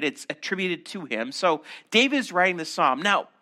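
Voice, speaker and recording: A man preaching a sermon, teaching through scripture with animated, acted-out asides. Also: sits high, moderate pace. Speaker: pastor.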